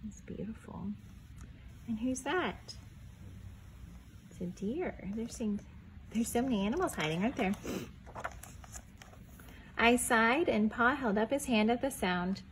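A young woman reading a picture book aloud to preschoolers in a gentle storytelling voice, stopping to ask the children questions and dropping to a whisper on the quiet lines. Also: fairly high pitch, expressive, normal speed, long pauses, a little hiss or hum, poor audio.

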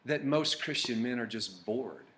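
A man's voice: medium pitch, expressive, unhurried, fairly bright tone, reverberant. A man preaching a sermon with passion, telling personal stories to his congregation during a church service. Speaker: pastor.

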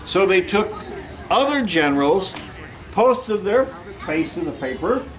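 Over music and on poor-quality audio, a man speaks slowly in a high, exaggerated voice with big pitch swings. As a reenactor at an outdoor park history event, he portrays a plainspoken Union general, telling first-person war stories with folksy humor and joking with the crowd.

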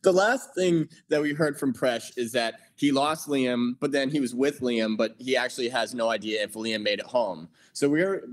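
A man's voice: mid-range voice, moderate pace, hardly any pauses. A man from a camera crew telling a story in casual chat, steadily building it step by step.

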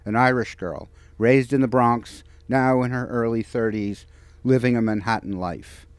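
Novelist reads his book aloud at a bookstore, measured delivery, dry close sound, middle pitch. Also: steady tone, clean tone, no room sound. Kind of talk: author reading from his novel. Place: bookstore event.

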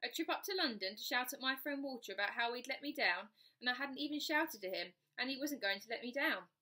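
Bright-voiced woman reading a storybook. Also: fairly high pitch, quick pace. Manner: expressive first-person narration. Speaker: storybook reader.

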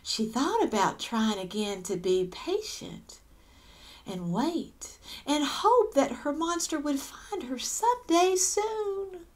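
In a high, unhurried voice, a woman reads a children's picture book aloud, lingering over each line as her pitch swoops with lively intonation. She pauses for gasps and little asides to her listeners.

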